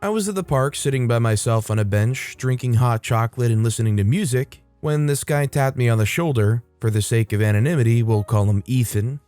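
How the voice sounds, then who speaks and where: A man hosting a storytelling channel, reading online stories aloud in an expressive, upbeat way with frequent lifts in pitch. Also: brisk, few pauses, no echo, faint music behind. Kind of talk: scripted narration of online stories.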